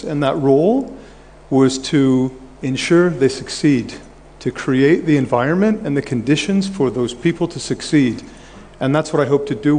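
A man speaking on stage as a conference guest, nervous, restarting his sentences and filling pauses with "um". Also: medium pitch, mellow. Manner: halting, repeats words, many fillers. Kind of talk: on-stage conversation. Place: large conference hall. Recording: hall reverb, faint background noise.

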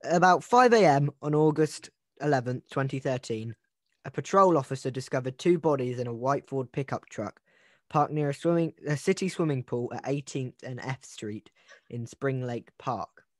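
A man's voice: medium pitch, animated, moderate pace, no room sound, studio quality. A man hosting a casual podcast over a video call, retelling a true-crime case in a joking, rambling way with many restarts. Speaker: podcast host.

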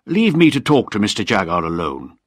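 A man reading a story aloud, voicing a calm, menacing nobleman. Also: lowish voice, fairly quick, no echo, clean studio sound. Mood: calm menace. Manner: calm, cool. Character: calm, menacing male lord, villain.

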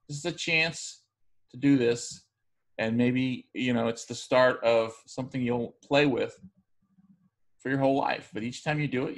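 Gravelly-voiced man teaching a class. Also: mid-range voice. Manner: relaxed, conversational explaining with frequent fillers and restarts. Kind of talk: recorded class lecture.

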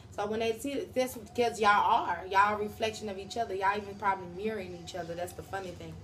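A woman's voice: mid-range voice, fairly even intonation, fast, fairly bright tone, slight background noise. A woman doing a casual tarot reading, talking straight to her viewers in a slangy, profane way. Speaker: tarot reader.

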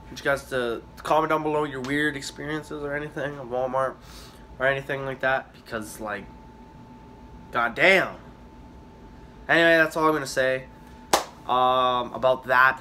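A young man rambles through a story for his vlog, swearing freely and losing his thread. His voice is bright and forward, with a faint hiss of noise underneath. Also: a little high. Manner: rambling, profane, halting with many fillers. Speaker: vlogger.

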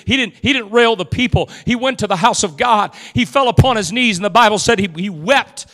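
High bright-voiced pastor preaching hard, big church reverb. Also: male voice, a little fast, hardly any pauses. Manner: impassioned preaching, swelling to shouts. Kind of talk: sermon. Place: church sanctuary.

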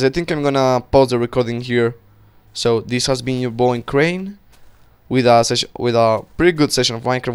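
Excitable young man, smooth voice. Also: medium pitch. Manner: excitable, swearing, talks to himself while playing. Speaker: gaming channel host. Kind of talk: casual gameplay commentary.

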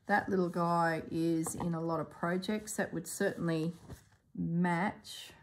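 Slow, gravelly-voiced woman musing to herself. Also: fairly even intonation, slight background noise. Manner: muses to herself in a low, half-whispered voice. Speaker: sewing channel host. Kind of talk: casual crafting vlog, thinking aloud.

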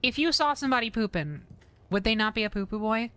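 A woman streamer giving loud, excitable game commentary, often shrieking and swearing. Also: on the high side, quick pace, clean tone, no room sound. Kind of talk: gaming commentary.

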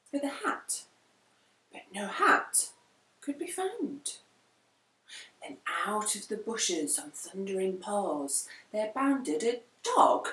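A woman reading a rhyming picture book aloud, very expressive and deliberate. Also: medium pitch. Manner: slow, very expressive rhymed reading. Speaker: storyteller. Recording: echoey room, far from mic.

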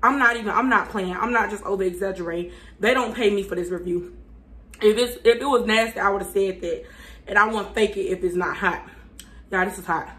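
A woman reviewing fast food on her channel. She chats casually with viewers, talks with her mouth full and hums between bites because the food is burning her mouth. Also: mid-range voice, fairly bright tone. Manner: chatty, addresses viewers as y'all, hums while eating.

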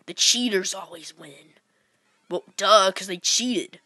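A woman giving goofy, playful commentary while playing retro games, jumping between whispers, squeals and shouts. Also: medium pitch, measured pace, no echo. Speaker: gameplay commentator. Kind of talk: casual let's-play commentary.

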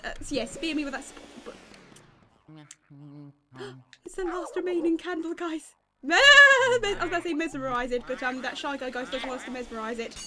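A young British woman giving fast, excitable let's-play commentary with melodramatic outbursts, game music behind. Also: sits high. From Britain. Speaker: gaming YouTuber.

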